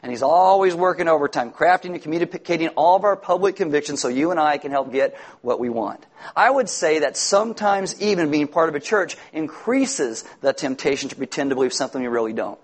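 A middle-aged man preaching a sermon to a congregation as pastor, in a lively, joking manner that acts out the voices he quotes. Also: on the high side, fairly quick. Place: church sanctuary before a congregation.

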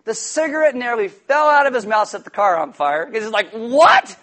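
A man preaching a sermon, telling a childhood story with lively quoted voices and asides. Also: high voice, brisk. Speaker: pastor.

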